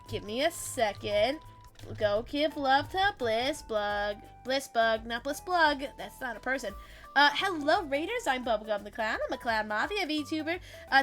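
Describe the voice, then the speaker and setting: Bubbly, high-pitched woman streamer. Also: a bit bright. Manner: bubbly, playful, swears a lot. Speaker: VTuber streamer. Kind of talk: casual live-stream chat while gaming.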